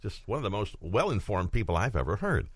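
A man co-hosting a radio show, chiming in with quick, chatty remarks in casual banter. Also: lowish voice, big pitch swings, husky, no room sound, clean studio sound. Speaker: radio co-host.

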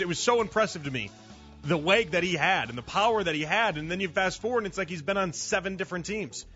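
Man, sports radio host, higher voice, bright tone, muffled audio, faint music underneath. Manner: conversational, repeats words when starting thoughts.

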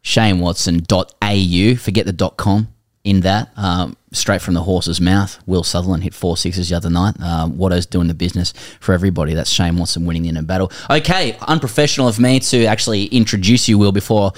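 A man hosting a podcast in a casual, bantering way. His voice sits a little low, and he jokes, rambles and restarts his sentences. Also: steady tone, a little fast, dry recording, clean studio sound. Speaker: podcast host.

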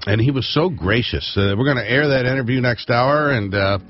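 A man's voice: medium pitch, a little fast, muffled recording, soft background music. A man co-hosting a radio talk show, teasing and bantering with his guests. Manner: joking, teasing, animated. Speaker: radio co-host.

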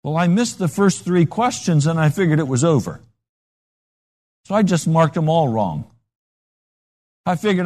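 A man's voice: on the high side, moderate pace, pauses often. A man preaching a sermon, telling stories and acting out the voices in them. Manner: animated storytelling with acted-out voices.

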